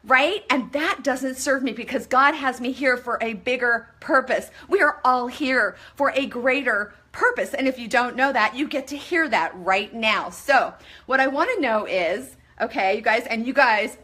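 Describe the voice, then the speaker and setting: A middle-aged woman talks on a live stream, gushing over her viewers and greeting each one by name. Her voice is bright and forceful and sits a little high, and she swears casually as she talks. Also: normal speed.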